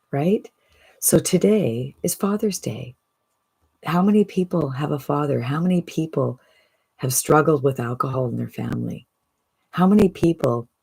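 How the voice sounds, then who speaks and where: A woman's voice: very deep voice, creaky, dark tone, breathy edge. A woman coaching online marketing in a motivational vlog, keen and full of rhetorical questions. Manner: enthusiastic, rhetorical questions, pep talk.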